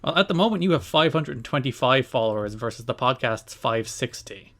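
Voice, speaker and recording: Podcast guy with a mid pitch, dry and teasing, casual chat. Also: lively intonation, brisk, a bit bright. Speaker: podcast co-host.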